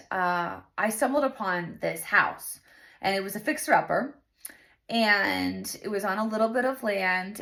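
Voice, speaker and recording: A woman's voice: medium pitch, gravelly, fairly bright tone. A woman in her thirties hosting a casual faith talk, chatty and earnest, with lots of fillers. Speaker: host.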